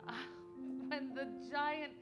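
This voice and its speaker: A woman improvising a comic love letter on stage in a mock-romantic, deadpan manner. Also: sits high, slow pace, over loud music. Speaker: improv performer.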